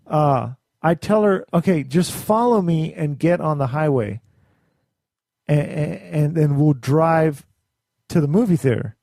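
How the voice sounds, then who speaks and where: A young man with a gravelly, fairly high voice tells a story in casual podcast chat. His tone is mellow rather than bright, and he acts out quotes in a sudden raised voice. The mic is close and dry. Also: measured pace, no room sound. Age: young adult. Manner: animated, acts out quotes in a raised voice, laughs often. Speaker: podcast co-host.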